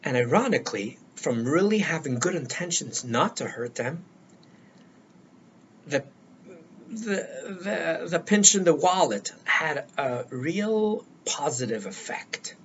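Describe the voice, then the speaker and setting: A man's voice: a little high, very animated, takes it slowly. An older man giving earnest life-coaching advice, emphatic and repeating words for stress, on a dull lo-fi recording. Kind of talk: solo talk to camera. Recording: dull lo-fi sound with faint noise.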